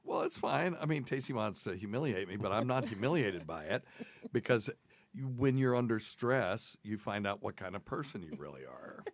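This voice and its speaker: A man's voice: on the low side, big pitch swings, normal speed. A man hosting a podcast as a doctor, telling a rambling, self-deprecating story in casual chat and laughing at himself.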